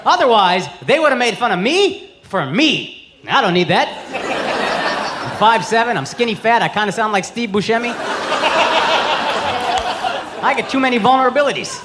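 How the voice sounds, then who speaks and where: A brash man in his thirties works a stand-up crowd with a high, lively voice that jumps all over. He swears freely and punches out his lines. Loud laughter and cheering from the audience roll behind him on a live club recording. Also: a little fast, background noise. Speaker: stand-up comedian. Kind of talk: stand-up comedy set. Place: comedy club stage before a laughing audience.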